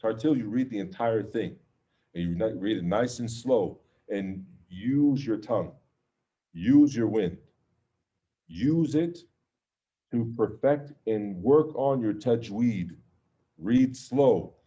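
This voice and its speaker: A man's voice: lowish voice, lively intonation, takes it slowly, warm tone, muffled recording. A man teaching an informal religious class, talking conversationally and checking in with his listeners with "okay?" and "right?". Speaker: Islamic teacher.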